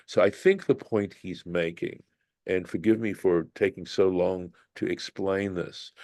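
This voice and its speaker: Deep-voiced man teaching Hebrew grammar. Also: warm tone, no echo. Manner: halting, thinks aloud with many restarts. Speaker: Bible study teacher. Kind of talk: explaining Hebrew grammar to a class.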